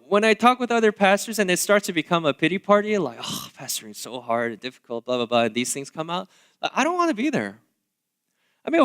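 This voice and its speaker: A man in his thirties, a pastor giving a sermon in a church, talking casually with lots of fillers and asides. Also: high voice. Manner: casual, conversational preaching with many fillers; animated, swinging between loud asides and quiet remarks. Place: church sanctuary.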